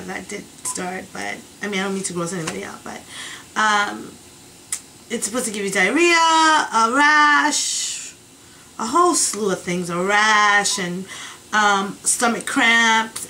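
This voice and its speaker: Bright, chatty woman venting on camera. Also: mid-range voice, a little hiss or hum, rough recording. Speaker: vlogger. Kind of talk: casual rambling video diary.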